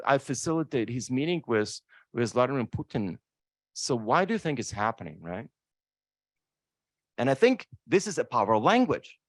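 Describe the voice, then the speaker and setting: A man's voice: medium pitch, dry recording, clean studio sound. A man speaking on a law school panel, emphatic and emotional, often asking "right?" to the audience. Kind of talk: impassioned panel talk. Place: lecture room.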